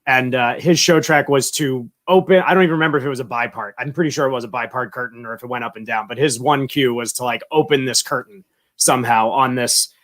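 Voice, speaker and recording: A man's voice: medium pitch, steady tone, quick pace, a bit bright. A man answering interview questions casually, chatty and rambling through anecdotes with many fillers. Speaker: guest.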